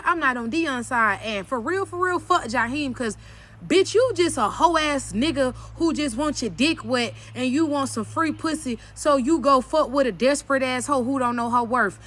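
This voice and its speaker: A woman telling a personal story in a candid vlog, blunt and profane, leaping up sharply whenever she quotes herself. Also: high-pitched. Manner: blunt, profane and emphatic, often cursing; animated retelling with sharp jumps when quoting herself.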